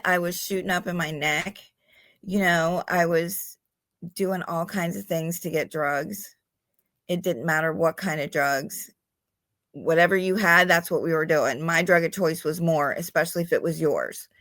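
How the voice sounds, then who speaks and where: A woman's voice: fairly low pitch, fairly bright tone, no room sound, studio quality. A middle-aged woman talking candidly as a podcast guest, blunt and swearing freely, sometimes laughing at herself. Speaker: guest in recovery. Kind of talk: candid conversational storytelling.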